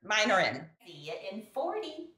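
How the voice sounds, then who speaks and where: A woman's voice: medium pitch, sing-song, moderate pace, bright, forceful tone, roomy sound. A woman hosting a casual cooking demonstration, chatty and playful, laughing often as she talks another cook through a recipe. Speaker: cooking show host. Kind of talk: casual cooking demonstration over video call.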